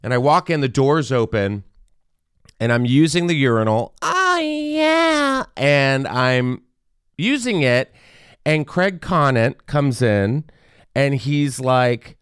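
A man of middling pitch spins a comic story as a podcast co-host. His intonation swoops widely, and he jumps into high voices whenever he quotes someone. His voice is smooth and resonant, recorded dry and close. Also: slow, no echo. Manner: animated, jumps into high voices when quoting people. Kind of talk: casual comedic storytelling.

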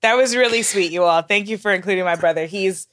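A woman in her thirties co-hosting a podcast, chatting warmly and laughing easily. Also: mid-range voice, fast, no echo, studio quality. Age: 30s. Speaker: podcast co-host. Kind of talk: casual chat.

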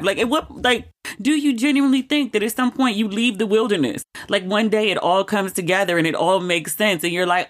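Woman, 40s, podcast host with a middle-range voice, candid and chatty, full of quick asides. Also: mid-range voice. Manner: chatty and expressive, quick asides, laughs often. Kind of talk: candid personal storytelling.

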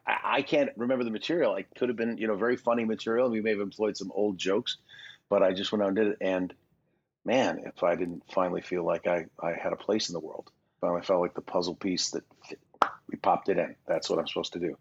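A man's voice: low-pitched, fairly even intonation, fast, slightly rough. A man in his sixties from Canada, a voice actor and guest on a podcast, telling rambling, self-deprecating stories about his past. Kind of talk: casual podcast interview. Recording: dull lo-fi recording.

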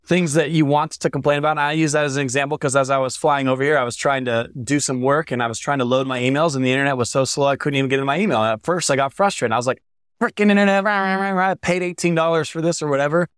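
A young man speaks as a podcast guest, candid and heartfelt as he tells a painful story. His voice sits at an ordinary pitch and the recording is dry and close, with no room sound. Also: fairly even intonation, very fast, hardly any pauses, a bit bright, smooth, dry recording. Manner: earnest, heartfelt, emotional at times.

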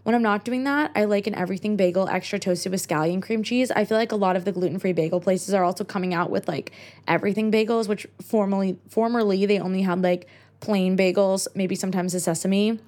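A woman's voice: medium pitch, fairly even intonation, fairly quick, a little mellow. A young American woman in her twenties hosting a podcast, chatting casually on her own and filling her talk with "like". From United States. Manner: chatty, many "like" fillers. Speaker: podcast host. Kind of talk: casual solo chat.

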